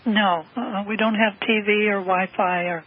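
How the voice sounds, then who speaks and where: A woman's voice: medium pitch, steady tone, moderate pace, husky. A woman calling into a radio show, earnest and polite, heard over a thin phone line. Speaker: caller. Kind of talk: call-in radio conversation.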